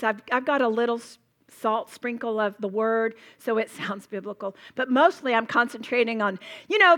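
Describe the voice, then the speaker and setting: Passionate woman teaching the Bible. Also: on the high side. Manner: passionate, emphatic, animated storytelling with role-played demos. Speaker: women's Bible study teacher. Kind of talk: live Bible teaching to a women's group.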